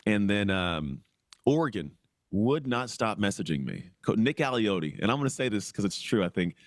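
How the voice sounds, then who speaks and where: A man in his forties, a former pro football player guesting on a podcast, telling his story in a lively way, acting out what others said and laughing often. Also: on the low side, moderate pace, dry recording, clean studio sound. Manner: animated, acts out quoted voices, laughs often. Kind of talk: storytelling in casual interview.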